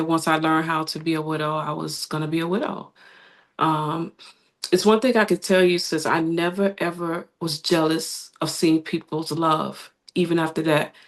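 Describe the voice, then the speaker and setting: Animated woman telling stories. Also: low-pitched. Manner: animated storyteller, acts out quoted voices. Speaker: interview guest. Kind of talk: conversational storytelling.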